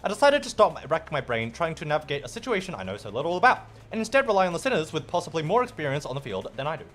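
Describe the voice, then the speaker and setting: A man's voice: fairly high pitch, big pitch swings, rapid-fire, a bit bright. A young man, a streamer, chatting casually and playfully with viewers while gaming. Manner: chatty and playful, reacts to chat. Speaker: streamer and host.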